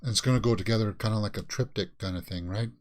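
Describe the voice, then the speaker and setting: Low-voiced Canadian man musing aloud. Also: slight background noise. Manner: musing aloud, halting and searching for words. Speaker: reaction video host. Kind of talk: casual reaction commentary.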